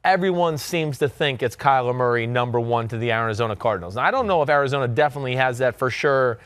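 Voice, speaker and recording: A man in his thirties with a New Jersey accent, hosting a sports podcast in loud, animated casual chat. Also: mid-range voice, fast, clear, resonant tone, dry recording. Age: 30s. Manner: loud, animated, talks with filler and restarts. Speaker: podcast host.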